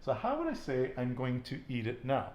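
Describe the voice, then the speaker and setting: A man in a relaxed language lesson, quizzing a student and echoing back each answer with encouragement. His voice sits at an ordinary pitch. The room gives it a noticeable echo, with faint ambient noise behind. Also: normal speed. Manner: patient, encouraging, asks and repeats answers. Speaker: Spanish teacher.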